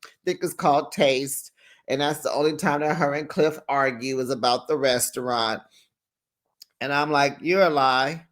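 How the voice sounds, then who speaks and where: A man's voice: medium pitch, fairly even intonation, moderate pace, fairly bright tone. A man hosting a casual reality TV recap, sassy and playful, laughing often and acting out quotes in exaggerated voices.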